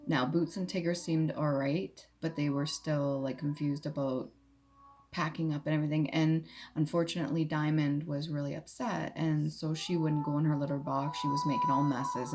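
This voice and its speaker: A woman's voice: sits low, fairly even intonation, normal speed, noisy background. A young adult woman telling a personal story casually, blunt and candid, swearing freely. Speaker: vlogger. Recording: music playing behind.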